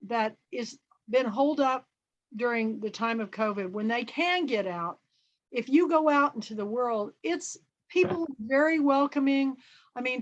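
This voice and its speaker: High-voiced chatty woman host, muffled audio. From Kansas, USA. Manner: chatty, lively storyteller who acts out dialogue. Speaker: book and film club host. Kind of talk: casual chat with anecdotes.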